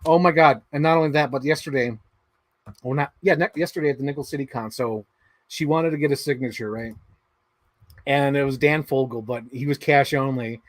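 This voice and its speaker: A man's voice: mid-range voice, brisk, no room sound. A man hosting a casual livestream, rambling through anecdotes and swearing casually. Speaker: host.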